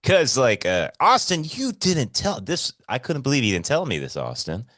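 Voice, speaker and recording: A man co-hosting a podcast in casual chat, excitable and swearing freely, swinging between loud bursts and hushed asides. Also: mid-range voice, normal speed, no echo, clean studio sound. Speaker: podcast co-host.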